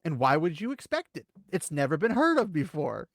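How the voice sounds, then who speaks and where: A man co-hosting a casual commentary chat, rambling and animated, swinging between loud bursts and quiet asides. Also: a little high, fairly quick, no echo, clean studio sound. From United States. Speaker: co-host.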